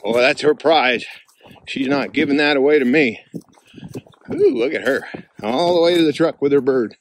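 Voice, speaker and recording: A man vlogging outdoors on a hunting trip, chatting casually and coaxing his dog along in a fond, high, sing-song voice. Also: animated, moderate pace, slight background noise. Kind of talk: casual outdoor vlog narration. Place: outdoors by a river in the wind.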